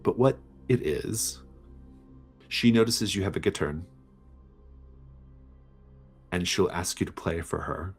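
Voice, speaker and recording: A man narrating as game master in a measured, descriptive storytelling manner. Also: sits low, breathy edge, faint music behind.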